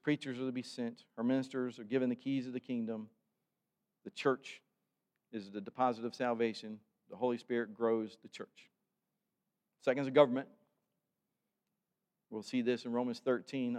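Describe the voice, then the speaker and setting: Older guy preaching, hammers points home, big church reverb, average pitch. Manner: emphatic preaching, building to loud exhortation. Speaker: pastor. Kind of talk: sermon.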